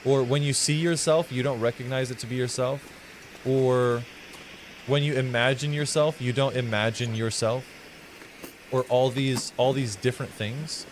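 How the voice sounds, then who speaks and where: A man with a mild, flattened American Southern accent, rambling, swearing and musing playfully while he streams a game. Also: mid-range voice, moderate pace, a little hiss or hum, poor audio. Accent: mild American Southern, partly flattened. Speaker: live streamer. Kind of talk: casual gameplay commentary.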